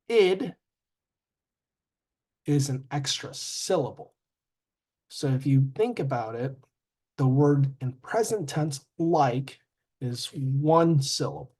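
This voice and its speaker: A man teaching a grammar lesson, halting with fillers and self-corrections and sounding out word endings. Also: medium pitch, a little mellow, slightly rough. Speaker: English teacher.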